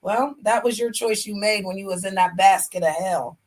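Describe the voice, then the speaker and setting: A woman's voice: medium pitch, normal speed, darkish tone. A woman hosting a casual livestream, talking sassy and emphatic to her chat and calling people honey as she preaches. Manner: talks straight to her chat. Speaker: livestream host.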